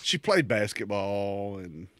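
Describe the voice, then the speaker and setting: A man's voice: fairly low pitch, big pitch swings, slow pace, fairly bright tone, no echo. A middle-aged man co-hosting a podcast, telling a rambling, crude workplace story in casual chat and laughing often. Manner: crude, joking. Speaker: podcast co-host.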